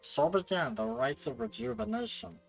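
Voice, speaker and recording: A man putting on a solemn elderly servant, gravelly and with a put-on Scottish accent, recounting a grim tale in a low, hushed tone. The pitch sits a little high and swings widely, and faint game music plays underneath. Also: sing-song, moderate pace, exaggerated voice, poor audio. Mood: somber. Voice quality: gravelly gremlin voice. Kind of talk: reading game dialogue aloud.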